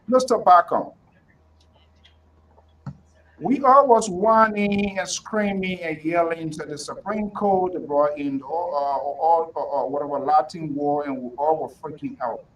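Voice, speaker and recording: Male talk show host, demanding and interruptive, higher voice, set back from the mic with faint rumble behind. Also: a little slow, recorded from a distance, poor audio. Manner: forceful, interrupting, pressing guests for answers. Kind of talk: heated political talk show.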